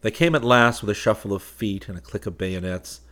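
Deep-voiced male audiobook narrator. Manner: measured, expressive reading.

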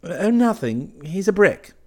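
A man reading an audiobook, voicing an excitable, chatty young male artist in a raised, eager tone. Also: high-pitched, a little slow, voice pushed up.

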